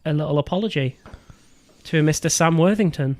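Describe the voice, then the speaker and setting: A man's voice: on the high side, a little fast, dry recording. A man co-hosting a casual podcast, making dry, mock-formal jokes. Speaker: podcast co-host. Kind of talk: casual chat.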